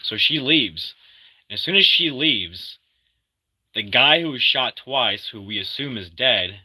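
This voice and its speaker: A man casually retelling a movie plot in an animated way, acting out the characters' lines and often restarting his sentences. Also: mid-range voice, slow, breathy edge, dry recording, poor audio. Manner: animated storyteller, acts out quotes, many restarts. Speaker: movie recap host. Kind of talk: casual spoken movie recap.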